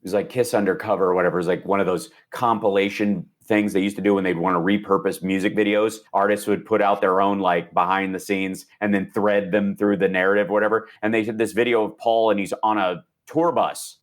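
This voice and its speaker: A man's voice: lowish voice, steady tone, a little fast, few pauses. A man in his forties from Indiana, a podcast guest telling stories with energy and acting out quoted voices. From Indiana, USA. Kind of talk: animated storytelling.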